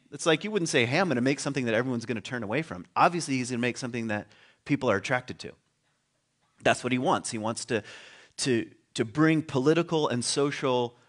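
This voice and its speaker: A man's voice: mid-range voice, fairly bright tone. A man teaching at a spiritual community, giving a conversational sermon, chuckling and thinking aloud with frequent restarts.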